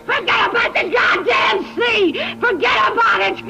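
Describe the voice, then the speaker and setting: An actress playing a lonely, drunken wife who slurs and swings between sneering and sobbing, in a 1970s film drama. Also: female voice, extremely high pitch, unhurried, creaky, shouting, loud music behind the voice, exaggerated voice. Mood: pleading. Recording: dull lo-fi film soundtrack with score.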